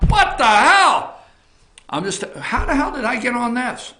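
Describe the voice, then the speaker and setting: A man hosting a political opinion show from an office, ranting bluntly with swearing, repetition and frequent shouting. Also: very high voice, sing-song, normal speed, reverberant. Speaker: talk show host.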